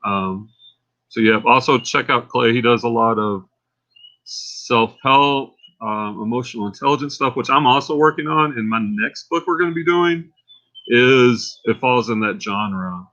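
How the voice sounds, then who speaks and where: At a measured pace and medium pitch, a man with a Texan accent hosts a casual livestream on a muffled recording. He rambles, turns excitable, and gets fired up as he talks.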